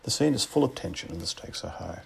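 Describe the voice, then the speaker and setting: A man with an Australian accent preaching a sermon in a measured, reflective way, asking rhetorical questions. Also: low-pitched, animated, vocal fry, a little hiss or hum.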